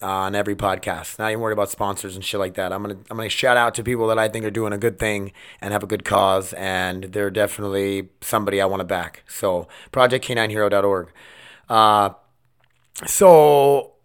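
A man's voice: on the low side, steady tone, a little fast, smooth. A man in his thirties hosting a casual podcast from home, talking loosely and rambling, with some swearing. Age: 30s. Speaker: podcast host. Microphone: desk mic.

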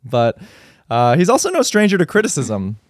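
A man from the United States hosting an interview, framing his questions in a measured way. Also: a little high, huge pitch swings, dry recording, studio quality. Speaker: podcast host, interviewer. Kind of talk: interviewing a guest.

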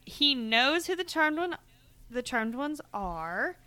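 A woman's voice: high voice, big pitch swings, slow, sharp tone, dry recording. A young woman co-hosting a podcast, chatting casually, giggling and rambling with many restarts. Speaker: podcast co-host. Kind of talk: casual chat.

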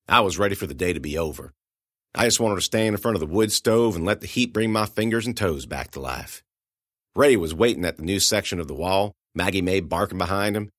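A man narrating a first-person audiobook with lively, expressive storytelling. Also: low-pitched, no echo, studio quality.

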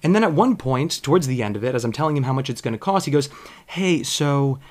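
Animated man telling a comic story. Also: medium pitch, rapid-fire. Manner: animated, self-mocking, frank.

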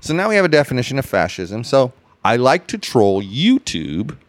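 A man hosting a casual podcast chat, ranting in an animated, sarcastic way with many restarts. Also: mid-range voice, moderate pace, dry recording. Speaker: podcast host.

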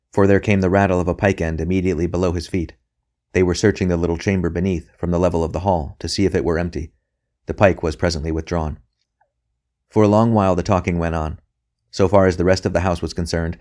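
A male audiobook narrator with a deep, low-pitched voice. He reads in a measured, even manner, keeping a steady pace through the prose.

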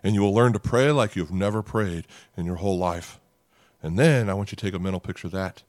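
A middle-aged pastor preaching a sermon to parents, earnest and dramatic, slowing down and pausing for emphasis. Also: male voice, fairly low pitch, no echo, soft background music.

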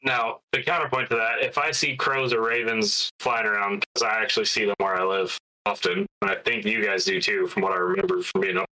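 A man's voice: mid-range voice, lively intonation, a little fast, vocal fry, few pauses, sharp tone, poor audio. A man co-hosting a podcast in casual chat, easygoing and wry, often acting out voices of people in his anecdotes. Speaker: podcast co-host.

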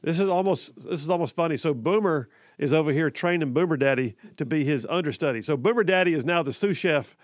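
A man hosts live talk radio at a studio mic, in a chatty, joking manner. His voice sits a little high, with dry close sound and no room echo. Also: fast talker, hardly any pauses. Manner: chatty, joking, repeats himself. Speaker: radio talk show host. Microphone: studio microphone.

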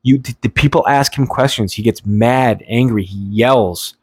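A man's voice: medium pitch, moderate pace, husky, dry recording, clean studio sound. A man hosting his own show, talking off the cuff in a blunt, profane, rambling rant full of restarts. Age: adult, has nieces and nephew. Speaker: podcast host. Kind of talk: unscripted solo political rant.

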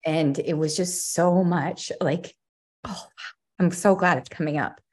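A young woman talking as a podcast guest, expressive and a bit scattered, often restarting her sentences. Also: fairly low pitch, a little slow. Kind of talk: emotional personal conversation.

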